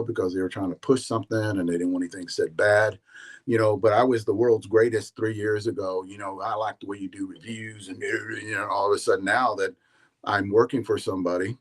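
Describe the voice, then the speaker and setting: A man hosting a podcast, talking in a loose, rambling way with animated storytelling and frequent restarts. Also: fairly low pitch. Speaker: podcast host. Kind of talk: casual rambling monologue.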